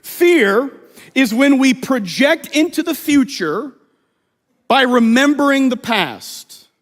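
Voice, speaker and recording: Thirties male pastor from Missouri, bright high register, humorous sermon storyteller, recorded in a big echoing sanctuary. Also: slow. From Missouri, USA. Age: 30s. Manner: lively, humorous storytelling with playful asides. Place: church sanctuary. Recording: long reverb of a church hall.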